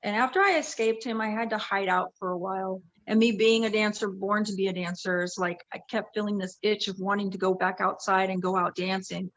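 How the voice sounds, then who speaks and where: Brisk and with hardly any pauses, a woman's medium-pitched, steady, slightly bright voice comes through a muffled recording. She's in her fifties, from the Los Angeles area in the USA, and as an interview guest she chats through her life story casually, often correcting herself.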